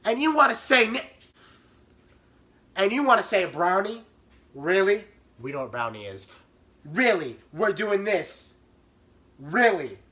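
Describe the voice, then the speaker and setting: A man voicing his angry, heavy-handed older sister, scolding in a drawn-out, incredulous way. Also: high voice, sing-song, pushed and bright, voice pushed up, exaggerated voice.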